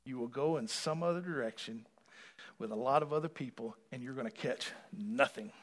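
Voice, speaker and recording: A pastor preaching a sermon, swinging from quiet asides to loud rising appeals and calling for responses from the congregation. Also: male voice, mid-range voice, moderate pace.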